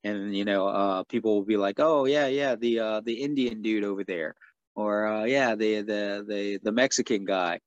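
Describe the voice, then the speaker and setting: Low-voiced man on dull, dry audio. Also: steady tone, normal speed, dry recording. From United States. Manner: easygoing, filler-heavy storyteller. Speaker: guest, martial artist and stuntman. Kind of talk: casual interview chat.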